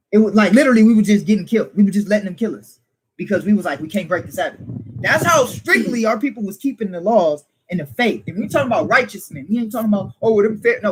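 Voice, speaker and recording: High-pitched male teacher, fiery informal preaching, rhetorical jabs, faint background noise. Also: fairly bright tone, rough recording. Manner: emphatic, rhetorical questions, teasing laughs. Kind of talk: informal preaching to a small group.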